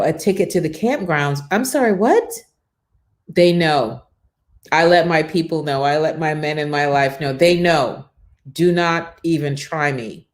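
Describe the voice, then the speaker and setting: A woman with a low, deep voice hosts a casual live morning show. She tells animated stories and breaks off to greet viewers by reading out their comments. She sounds middle-aged and confident. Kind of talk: casual live-stream chat.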